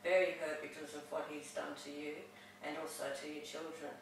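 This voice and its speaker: A counsellor talks in a calm, measured way and answers with short affirmations. The voice sits at a middle pitch and is set back from the mic. A very echoey room and faint hiss surround it. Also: vocal fry, distant mic. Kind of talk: counselling session conversation.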